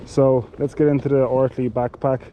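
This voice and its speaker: Man, cycling gear reviewer, monotone delivery, halting with restarts, faint background noise. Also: mid-range voice, highs cut off. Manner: halting, with many fillers and restarts. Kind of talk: casual product demonstration.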